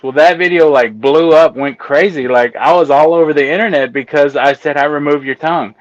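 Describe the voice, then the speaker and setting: A fairly high-voiced man tells stories as a guest in a casual interview. He is animated and chuckles often, and his voice sounds a little dull and lo-fi. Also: a little fast, hardly any pauses, no room sound. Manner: animated, laughs while telling stories. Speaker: guest, autopsy technician.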